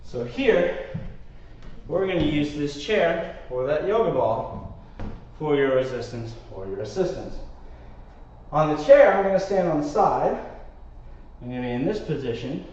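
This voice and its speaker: A man's voice: fairly high pitch, lively intonation, unhurried, a little mellow, a little hiss or hum. A man teaching a Pilates class while doing the exercises, counting reps and coaching, out of breath at times. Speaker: Pilates instructor. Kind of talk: live workout class instruction. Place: warm studio. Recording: echoey, distant, slightly muffled mic.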